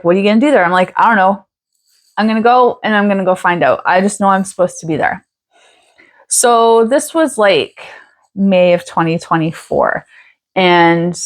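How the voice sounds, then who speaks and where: A woman vlogger telling a personal story in a chatty way, laughing often and acting out quoted lines. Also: lowish voice. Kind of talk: casual storytelling to camera.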